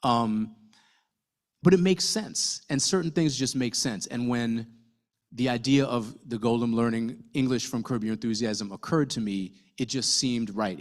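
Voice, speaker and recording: A man, a novelist, talking casually to an audience at a book event, telling his story with lively asides and the odd swear word. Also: mid-range voice. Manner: conversational, animated storytelling with fillers and swearing.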